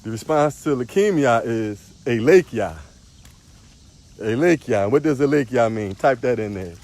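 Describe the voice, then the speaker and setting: A man's voice: medium pitch, lively intonation, measured pace, darkish tone. A man, a spiritual teacher, preaching on a livestream outdoors, repeating phrases with a sing-song emphasis.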